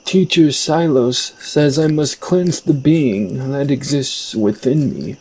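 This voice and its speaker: A man's voice: mid-range voice, takes it slowly, warm tone, a little hiss or hum, voice pushed up, poor audio. A man voicing an earnest young male shaman apprentice in a game, reading the lines plainly.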